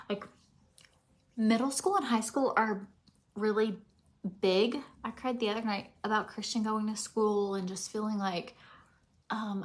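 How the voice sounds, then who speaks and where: A woman around forty, teary and emotional, rambling casually while doing her makeup at home and sometimes dropping to soft near-whispers. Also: medium pitch. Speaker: makeup vlogger.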